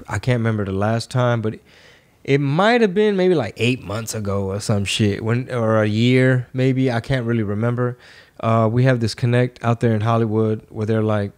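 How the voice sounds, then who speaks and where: A man's voice: medium pitch, moderate pace. A man hosting a podcast, chatting casually and telling rambling stories full of swearing. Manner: profane, rambling storytelling. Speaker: podcast host.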